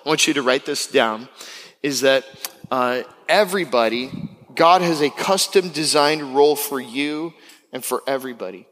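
A young man from Florida preaching a sermon as pastor, animated and acting out the people he quotes. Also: long reverb tail. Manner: animated, acts out quotes with big pitch jumps. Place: church sanctuary.

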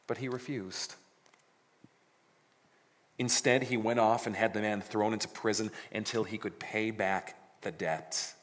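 A man's voice: fairly low pitch, fairly even intonation, unhurried, pauses often. Man preaching in a reverberant hall. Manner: dramatic, jokey scripture reading. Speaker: pastor. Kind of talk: sermon.

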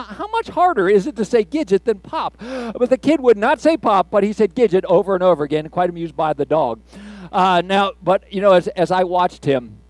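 An older man, a grandfather, preaching a sermon in a conversational, folksy way with halting restarts. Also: high voice, dry recording.

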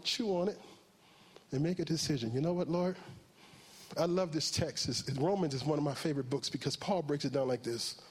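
A man, a pastor, preaching a sermon, who acts out quotes in a raised voice and closes in a slow, soft prayer. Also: on the high side, breathy edge.

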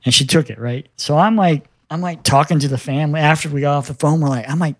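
A man's voice: fairly high pitch, quick pace, few pauses, no echo. A man in his fifties telling his life story in a casual interview, earnest and quoting the dialogue as he goes. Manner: earnest, quotes dialogue as he tells it.

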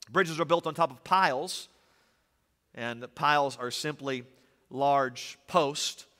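Bright-voiced preacher in a reverberant church. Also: male voice, medium pitch. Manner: animated preaching with humorous asides, swings from loud to soft. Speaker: pastor. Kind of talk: sermon. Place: church sanctuary. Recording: long reverb of a church hall.

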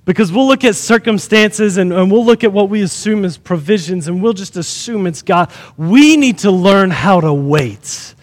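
Man, pastor, high voice, preaching a sermon, repeats phrases, questions to the congregation, long church reverb. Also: lively intonation, normal speed, hardly any pauses. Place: church sanctuary.

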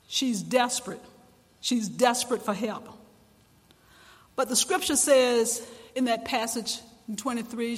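A man preaching a sermon with passion, his voice climbing to shouts at times. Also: extremely high pitch. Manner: impassioned preaching, rising to shouts. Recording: long reverb in a large hall.

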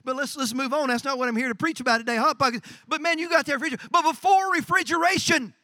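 A man preaching a sermon as pastor, building to drawn-out shouted emphasis. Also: very high voice, dry recording.

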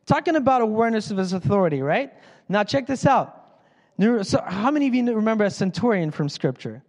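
Man preacher with a high voice, lively and conversational, long church-hall reverb. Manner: animated, acts out Bible characters in quick voices. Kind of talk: sermon.

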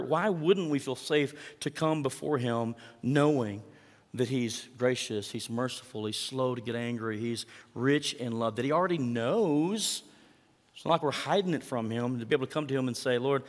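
A man preaching a sermon as pastor, talking conversationally and asking the congregation questions. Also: mid-range voice. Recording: long hall reverb.

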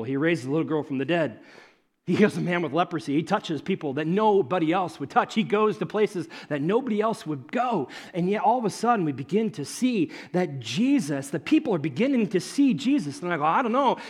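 A man preaching a sermon in an animated, conversational storytelling way, swinging between loud emphasis and hushed moments. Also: on the high side, husky. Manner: conversational, with fillers like "like" and "okay".

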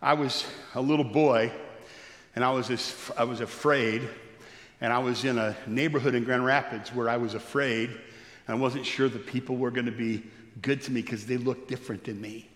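A man preaching a sermon as pastor, swinging between loud rising exclamations and soft, low storytelling. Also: steady tone, moderate pace. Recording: echoey church hall with long reverb.

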